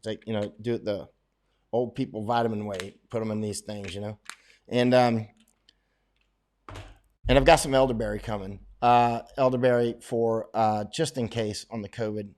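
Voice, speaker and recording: A man's voice: medium pitch, steady tone, normal speed, a little mellow. A man, hosting a casual livestream, answering viewer questions in a rambling way, full of fillers and restarts. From United States.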